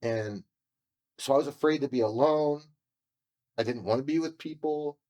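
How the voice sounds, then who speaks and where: A man's voice: medium pitch, moderate pace, dark tone, lo-fi sound. A man from California telling his story as a podcast guest, candid, emotional and profane, acting out what people said to him. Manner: emotional and confessional.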